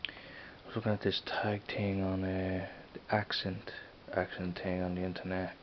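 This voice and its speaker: A man's voice: sits low, little pitch movement, normal speed. A man with a Dublin accent, talking to camera in a rambling, hesitant way with lots of fillers and restarts. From Ireland. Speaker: vlogger. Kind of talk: casual rambling vlog. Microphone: camera mic. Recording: dull lo-fi camera audio with faint hiss.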